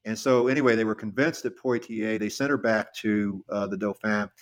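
A middle-aged man with a lowish voice co-hosts a podcast. He tells the story conversationally, often stopping, restarting and repeating words as he gathers his thoughts. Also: fairly even intonation, normal speed. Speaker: podcast co-host.

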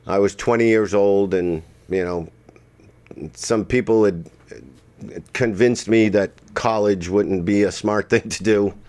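A comedian, telling animated stories in casual chat and laughing often. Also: male voice, on the low side, measured pace. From Boston area. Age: 60s. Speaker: comedian guest.

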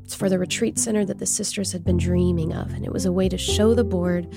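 A woman narrating a documentary story in a measured, explanatory tone. Her voice is low and gravelly. Plucked guitar music plays clearly behind her. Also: fairly even intonation. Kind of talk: scripted narration.

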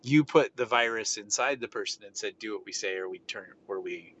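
A middle-aged man chatting on a podcast, spinning an anecdote with lively energy and playing every part himself. His voice is bright and forward. The audio is a little dull, with a faint hiss underneath. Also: fairly low pitch, fairly quick. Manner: animated storytelling, acting out quoted exchanges. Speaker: podcast host. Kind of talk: casual podcast chat.

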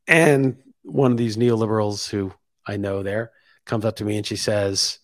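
A man's voice: lowish voice, steady tone, moderate pace, no room sound. Opinionated man talking in a dry room. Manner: opinionated, thinking aloud, rising emphasis on key points. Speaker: podcast host. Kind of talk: casual opinion monologue.

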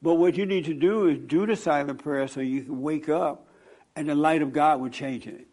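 Male pastor, raised pitch, animated storytelling sermon to a congregation. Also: normal speed. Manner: animated, storytelling, laughing at own stories. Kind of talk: sermon with audience counseling.

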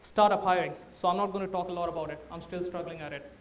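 A man's voice: sits high, steady tone, quick pace, echoey room, far from the mic. A man with an Indian accent, a startup founder giving a candid, anecdote-filled talk to an audience. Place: large room before a live audience.

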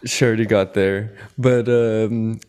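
A podcast co-host in relaxed casual chat, talking slowly. The pitch sits mid-range, and the talk wanders with fillers and easy laughter. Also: clear, resonant tone. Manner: laughs often, meandering with fillers.

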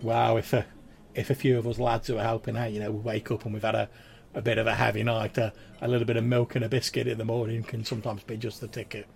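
A man's voice: on the low side, level tone, fast talker, gravelly. A man playing a chatty, sheepish serving lad. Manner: chatty, confiding.

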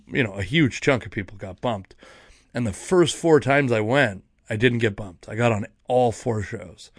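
A man's voice: on the low side, no room sound. Young comedian guy rambling about his gigs, self-deprecating, super dry close sound. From Seattle area. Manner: rambling, self-mocking, restarts mid-sentence. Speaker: stand-up comedian, podcast host. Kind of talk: casual monologue.

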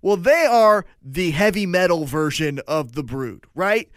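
High-pitched guy on a podcast, super excitable, cursing a lot, voice jumping all over, dry close sound. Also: measured pace, no room sound. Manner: excitable, swears freely, acts out wrestlers' lines. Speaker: podcast co-host. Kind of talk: casual chat.

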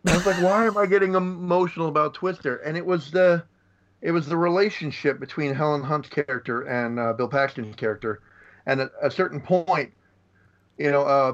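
A man, a podcast guest, talking in an easygoing, halting way, searching for words. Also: medium pitch, dull audio. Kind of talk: casual film chat.

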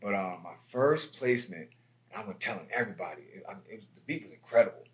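A man, a music producer being interviewed, telling stories in a casual, lively way and acting out other people's lines. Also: lowish voice, fast talker. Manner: animated, acts out quotes with raised voice.

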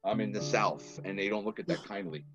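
A man from Massachusetts, a filmmaker guest on a casual podcast, telling lively stories and laughing often. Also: fairly low pitch, a little fast. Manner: animated storyteller, laughs often. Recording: slightly dull lo-fi audio with faint music.

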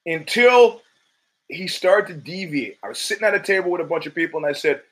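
A man's voice: on the high side, lively intonation, fairly quick, fairly bright tone, rough recording. A man hosting his own podcast, talking in a casual, profane and rambling monologue with emphatic bursts. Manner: profane, rambling storytelling with frequent restarts. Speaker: podcast host.

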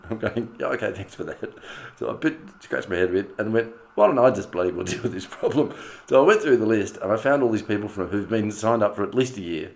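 A man's voice: fairly low pitch, animated, a little fast, creaky. A man hosting his own audio show, chatting loosely through a month in review, laughing often and swearing casually. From Australia. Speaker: podcast host.

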